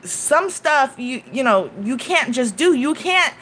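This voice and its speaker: Young woman vlogging live off the cuff, kinda high voice, fired up, lots of you know and restarts. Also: sing-song, slow, fairly bright tone, a little hiss or hum. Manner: agitated, many restarts and "you know" fillers. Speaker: YouTuber commenting live. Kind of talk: unscripted live commentary.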